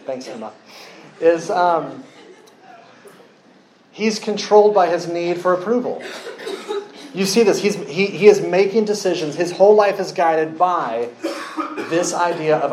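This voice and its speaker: A man preaching a sermon, telling a story with lively acted-out quotes. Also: sits high, unhurried, pauses often, roomy sound, a little hiss or hum, poor audio. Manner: animated storytelling, acts out quoted voices.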